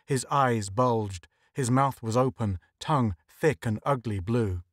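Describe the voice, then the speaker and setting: A man reading a story aloud at a steady, measured pace, his voice at an ordinary middle pitch. The recording is close and dry, with no room sound. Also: no room sound. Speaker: audiobook narrator. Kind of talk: scripted narration.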